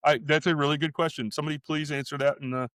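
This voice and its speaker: A man's voice: a little high, fairly even intonation, rapid-fire, a bit bright, no echo. Rambling middle-aged man telling stories. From United States. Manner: rambling, self-interrupting storyteller. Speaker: podcast co-host. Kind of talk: casual chat.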